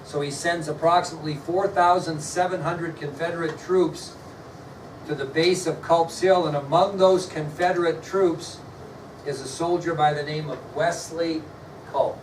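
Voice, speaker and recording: A male history teacher lecturing a class, quizzing students and spelling words out slowly. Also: on the high side, fairly even intonation, slight background noise. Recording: echoey classroom, mic far off, faint ambience.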